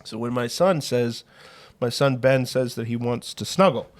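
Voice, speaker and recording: A man's voice: mid-range voice, moderate pace. A young man co-hosting a casual podcast, telling stories with lots of laughter. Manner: laughing, animated storytelling. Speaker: podcast co-host. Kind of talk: casual banter.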